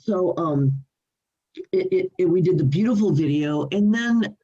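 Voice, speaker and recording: An older woman, a singer and interview guest, telling animated stories from her home over a video call, laughing often and restarting her sentences. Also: fairly low pitch, a little slow, dull audio. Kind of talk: storytelling in a remote interview.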